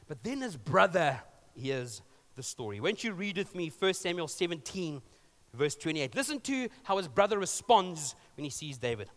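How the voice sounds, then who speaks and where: A man's voice: fairly high pitch, big pitch swings, moderate pace, a bit bright. A male pastor preaching a sermon, telling a story conversationally with joking asides. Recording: long reverb of a large hall.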